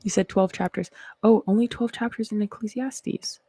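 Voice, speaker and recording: A woman's voice: mid-range voice, fairly even intonation, normal speed, warm tone, slightly rough, no room sound. A woman from Canada with a Canadian accent, hosting a casual livestream chat in a rambling, reflective way. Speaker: host.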